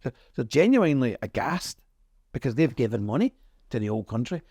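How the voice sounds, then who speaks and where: In a conversational interview, a middle-aged man from Northern Ireland tells history with emphasis and a storyteller's flair. His dark, slightly breathy voice is sing-song and brisk, captured without echo.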